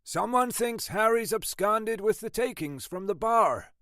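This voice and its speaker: Man doing a blunt skeptical husband, higher voice, brushes everything off. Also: expressive, unhurried, sharp tone, no room sound, studio quality, exaggerated voice. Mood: dismissive. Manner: dismissive, offhand.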